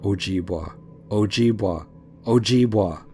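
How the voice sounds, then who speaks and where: A male narrator voicing a menacing skeletal wendigo creature that chants slowly in a low voice. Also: darkish tone, soft background music, lightly acted. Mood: eerie chanting.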